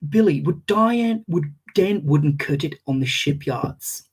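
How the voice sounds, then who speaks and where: Man hosting a live q&a, hesitant, lots of ums, animated voice. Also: on the high side, a little slow, husky. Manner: hesitant, filler-heavy reading of questions. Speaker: host taking audience questions. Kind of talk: casual live-stream chat.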